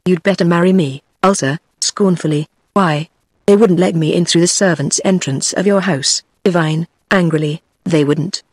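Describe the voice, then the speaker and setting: A woman's voice: fairly low pitch, normal speed, breathy edge, no echo. Synthetic British woman reading a play. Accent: British English. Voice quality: synthetic, even machine reading. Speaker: audiobook reader. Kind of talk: text-to-speech reading of a play script.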